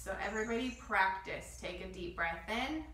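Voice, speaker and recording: A woman guiding a children's yoga class, giving gentle step-by-step instructions and demonstrating breath sounds. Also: medium pitch, normal speed, reverberant, recorded from a distance, a little hiss or hum, low-quality recording. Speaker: kids yoga teacher.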